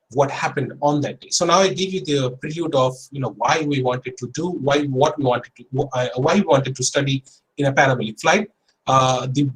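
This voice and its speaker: Man, higher-voiced, telling a lecture story. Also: poor audio. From India. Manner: earnest, storytelling, self-correcting mid-sentence. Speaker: guest lecturer. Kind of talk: conversational online lecture, personal anecdote.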